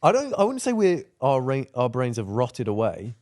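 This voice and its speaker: A man's voice: huge pitch swings, moderate pace, a little mellow, no echo, studio quality. A man co-hosting a podcast, talking casually and trailing off as his voice drops. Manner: laid-back, trailing off, voice drops low at ends. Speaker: podcast co-host. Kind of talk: casual chat.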